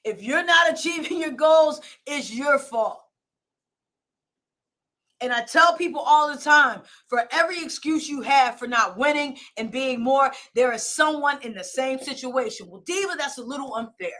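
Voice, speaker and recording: Bright, high-voiced woman coaching hard. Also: a little slow. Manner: emphatic, repetitive, blunt and demanding. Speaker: life coach and show host. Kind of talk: motivational pep talk. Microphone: phone or camera, streaming live.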